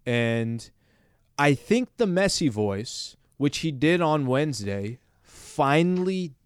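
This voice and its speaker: Smooth-voiced sports radio host. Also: male voice, on the high side, big pitch swings, dry recording, studio quality. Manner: steering the conversation, quick back-and-forth. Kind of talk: casual sports radio banter.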